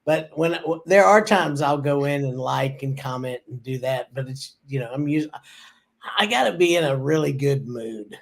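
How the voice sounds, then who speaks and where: A man's voice: mid-range voice, expressive, moderate pace, creaky. A man co-hosting a marketing talk show, easygoing and self-deprecating in casual chat.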